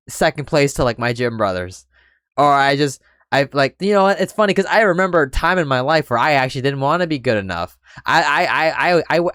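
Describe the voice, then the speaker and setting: A man's voice: a little high, a bit bright, smooth, no echo, clean studio sound. A young man vlogging candidly, rambling and reflective as he talks through his feelings. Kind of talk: candid personal talk.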